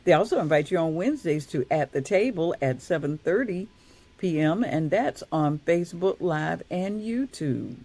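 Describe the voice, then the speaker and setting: A woman's voice: lowish voice, lively intonation, normal speed, mellow. A woman reading community event announcements in a cheerful, giggly way.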